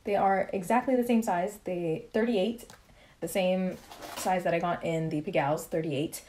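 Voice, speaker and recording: A young adult woman chatting casually in a haul vlog, rambling and excitable as she shows her shoes. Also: fairly low pitch, moderate pace, a little hiss or hum. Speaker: vlogger.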